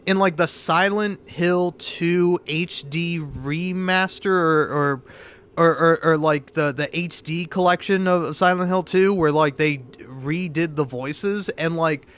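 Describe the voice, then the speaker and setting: A man's voice: on the high side, slow pace, fairly bright tone. Rambling man talking over a game. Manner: rambling, lots of restarts and "like". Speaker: let's play streamer. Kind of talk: gameplay commentary and narration.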